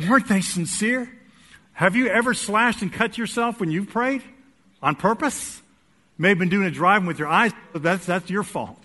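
A male pastor preaching in a church sanctuary, his voice bright and a little high for a man. He tells his story with lively timing, dropping to soft asides and then climbing to loud, emphatic peaks. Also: normal speed. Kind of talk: sermon with humorous personal story.

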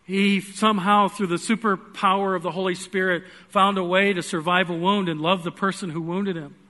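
A man with a high, bright voice delivers an earnest sermon in a church. He tells a personal story, rising into loud pleading and then dropping to hushed, quiet moments. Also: steady tone, moderate pace. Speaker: preacher.

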